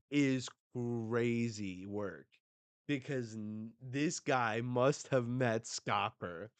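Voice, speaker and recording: A man hosting a live manga reaction, excitable and full of casual slang and swearing. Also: medium pitch, drawn-out words, no room sound. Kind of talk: live reading and reaction commentary.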